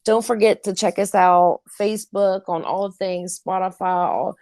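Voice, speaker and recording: A woman co-hosting a podcast in casual chat, animated and laughing, swearing freely as she tells stories. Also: mid-range voice, normal speed, no echo. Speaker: podcast co-host.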